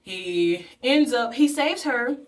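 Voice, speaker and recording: A woman vlogger recapping a movie while painting her face, chatty and animated, slipping into voices for the characters. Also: on the high side, takes it slowly, recorded from a distance. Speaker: beauty and movie review vlogger.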